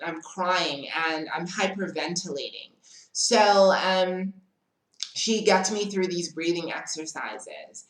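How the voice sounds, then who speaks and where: Slow, chatty woman telling a storytime. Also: on the low side, reverberant, low-quality recording. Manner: chatty and dramatic, often calls the listener "girl". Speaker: storytime vlogger. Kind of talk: casual storytime chat.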